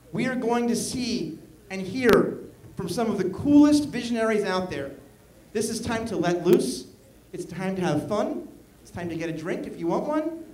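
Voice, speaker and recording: A man working as an event emcee, energetically leading a live audience in call-and-response chants and shouting to pump them up. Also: high-pitched, low-quality recording. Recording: live event with loud crowd and background noise. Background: crowd noise.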